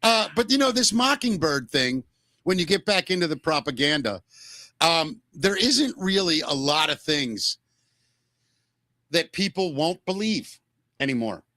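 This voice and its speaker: Animated joking man, bright dry voice. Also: on the high side, unhurried, no echo. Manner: animated, jokey, slips into silly put-on voices. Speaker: podcast co-host. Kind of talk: casual chat, comedic impressions.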